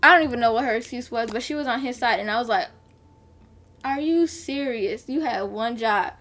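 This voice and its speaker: A woman's voice: fairly high pitch, steady tone, fast, fairly bright tone. A young woman vlogger, chatting candidly and animatedly as she tells a personal story while doing her makeup. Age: young adult.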